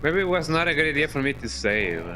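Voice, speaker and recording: A man streaming a video game live, talking to himself in a worried, halting way and yawning now and then. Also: on the high side, very animated, pushed and bright, slight background noise. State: sleepy, yawning. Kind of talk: casual live gameplay commentary.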